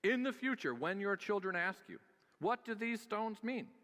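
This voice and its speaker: Man, pastor giving a sermon, conversational, humorous, filler-heavy, bright tone, long hall reverb. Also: high voice, expressive, moderate pace. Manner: conversational and joking, frequent "uh" fillers.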